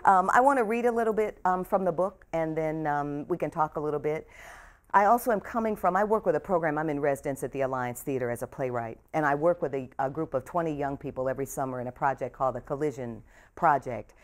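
Low-voiced older woman reading her memoir. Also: fast talker. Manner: warm, emotional, speaks softly and trails off. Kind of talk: author talk and book reading. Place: bookstore event room.

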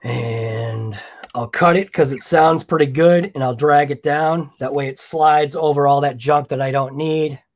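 An RC hobby channel host gives a casual voice-over while editing video, his fairly high voice moving at a measured pace. He rambles loosely and slips into chatty, self-deprecating asides, and the audio is a little muffled, like a basic home recording.

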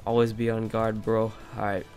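A man's voice: on the low side, completely flat delivery, normal speed, darkish tone, faint music behind. Groggy young man narrating gameplay. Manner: rambling, chatty, frequent fillers. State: groggy just-woken morning voice. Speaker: gaming channel host. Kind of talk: casual gameplay commentary.

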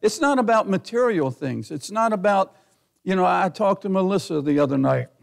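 A middle-aged male pastor with a notably high, gravelly voice preaching in a folksy, conversational way. He chuckles between points and climbs toward fervent near-shouting when he drives a message home. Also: animated, moderate pace. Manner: folksy, laughs often, builds to near-shouting. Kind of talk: sermon.

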